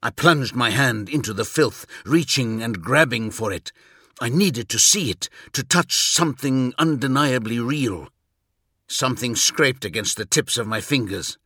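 A man reading a scripted first-person audiobook story, with measured, intense and vivid delivery. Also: medium pitch, animated, bright, forceful tone, slightly rough, no echo, clean studio sound. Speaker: audiobook narrator.

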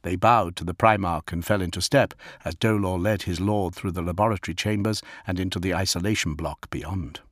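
A man reading an audiobook as narrator, steady and measured. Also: deep voice, no room sound, studio quality.

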